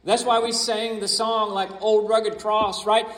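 A man's voice: sits high, little pitch movement, measured pace, a bit bright. A man preaching a sermon as pastor, emphatic and repeating his key phrases. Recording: echoey hall.

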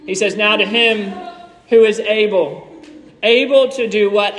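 A man with a strikingly high voice delivers a sermon, emphatic and insistent, hammering home short repeated lines. His voice rings out with a long reverb from a church hall. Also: steady tone, measured pace, fairly bright tone, slight background noise. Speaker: preacher.

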